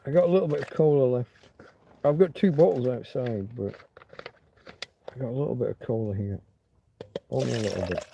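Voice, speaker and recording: A man hosting a casual late-night livestream from his bed, rambling and chatty, talking to his dog in a soft doting voice between asides to his viewers. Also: mid-range voice, creaky, slight background noise. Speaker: livestream host. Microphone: phone camera held close.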